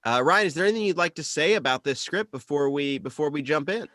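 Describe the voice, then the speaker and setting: A man's voice: a little high, animated, fast, a bit bright, no room sound, clean studio sound. A man hosting an online table read, jokey and upbeat, talking over a video call. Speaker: host of an online script reading. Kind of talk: casual chat before a table read.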